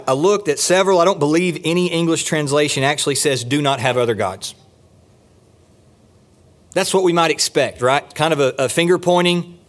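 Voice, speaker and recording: A man preaching a sermon from the pulpit of a church, rising on key points and dropping low and slow for stress. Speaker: pastor. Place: church sanctuary.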